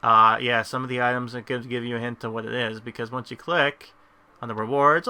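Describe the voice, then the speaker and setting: A man's voice: medium pitch, fairly even intonation, a little fast, bright, forceful tone, clear, resonant tone. A man hosting a casual gameplay video, rambling through his commentary with many restarts. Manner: rambling, lots of fillers and restarts. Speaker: gameplay host.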